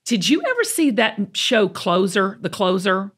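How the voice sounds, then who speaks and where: A woman's voice: mid-range voice, wildly swooping pitch, fairly bright tone, slightly rough. A middle-aged woman with a Southern US accent hosts a talk show and tells folksy stories in a chatty way. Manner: chatty, folksy storytelling with drawn-out emphasis. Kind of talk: casual chat.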